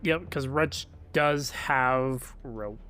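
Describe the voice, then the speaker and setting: A man's voice: mid-range voice, drawn-out words, pushed and bright. A man playing a tabletop game who hesitates and fills his speech with "um" and "like". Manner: hesitant, filler-laden, laughs easily. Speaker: player. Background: faint music.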